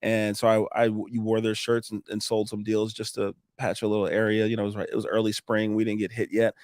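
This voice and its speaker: A man rattles off sales stories at high speed, jumping in and out of the voices of himself and his customers. His talk is loose, salty and animated. The recording is dry and close. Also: no room sound. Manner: fast, animated, acts out both sides of conversations, swears casually. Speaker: roofing contractor guest. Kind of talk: casual storytelling interview.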